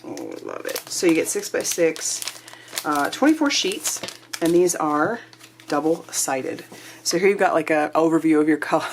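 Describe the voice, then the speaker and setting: A woman with a low voice chats through a craft kit unboxing. She gushes with excitement and sometimes drops into a breathy whisper. Faint noise sits under the recording. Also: moderate pace. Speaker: crafting channel host. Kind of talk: casual unboxing chat.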